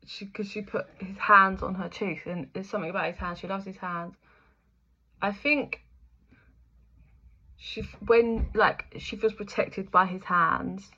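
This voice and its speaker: A woman's voice: mid-range voice, fairly even intonation, measured pace, pushed and bright, highs cut off. A young woman giving a casual, chatty spiritual reading, full of fillers, the odd swear word and frequent laughter. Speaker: intuitive reader.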